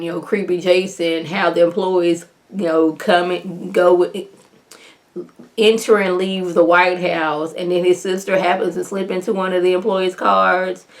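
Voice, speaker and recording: An animated woman talks through a TV episode in a loose, folksy way. She keeps jumping into the characters' lines, her voice shooting up high for the reactions. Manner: folksy colloquial talk. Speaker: TV recap vlogger. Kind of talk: casual episode recap.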